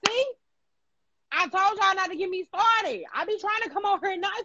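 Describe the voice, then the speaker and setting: A woman hosting a livestream talent show, brash and teasing, hyping up callers with loud casual banter. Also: extremely high pitch, moderate pace, no room sound, dull audio. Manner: brash, teasing, hypes people up with shouts and laughs.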